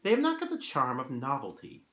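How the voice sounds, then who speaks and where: A petulant young gentleman talks in an airy, flippant way, as a man reads his part aloud. The voice is mid-pitched. There is a roomy echo around it. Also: wildly swooping pitch, brisk, a little hiss or hum.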